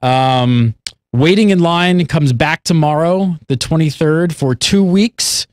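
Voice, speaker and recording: A man hosting a casual gaming podcast, talking quickly and jokingly with his guests. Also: fairly high pitch. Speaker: host.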